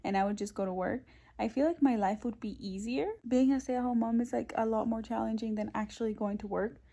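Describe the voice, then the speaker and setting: A woman's voice: a little high, fairly even intonation, brisk, creaky, mellow. A young woman, a stay-at-home mom, talking casually to her phone camera at home, tired and venting, mixing English with Spanish. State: exhausted. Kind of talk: casual vlog chat.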